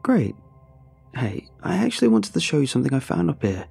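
A man's voice: medium pitch, wildly swooping pitch, fairly quick, vocal fry, dark tone, slightly rough, soft background music, voice pushed up, full character voice. A man voicing a friendly young man in a scary story who seems upbeat and casual but hides something eerie. He is a little evasive. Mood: friendly, coaxing.

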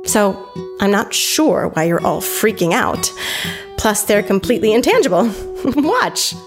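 A woman's voice: mid-range voice, sing-song, a little slow. An actress playing a female town mayor who brushes off public fears in a casual, offhand way. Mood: dismissive. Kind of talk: scripted radio drama. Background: faint guitar music.

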